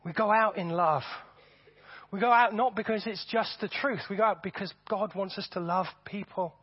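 A man preaching a sermon to his congregation, animated and often repeating words as he builds his points. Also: sits high, moderate pace, husky, dry recording. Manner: animated, repeats words, acts out voices for effect. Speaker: pastor. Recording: dull, dry sound.

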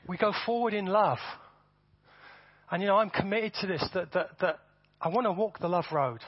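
Animated guy preaching, pretty high voice, a bit husky, dull dry sound. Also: dry recording. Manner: animated, repeats words, acts out voices for effect. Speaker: pastor. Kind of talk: sermon.

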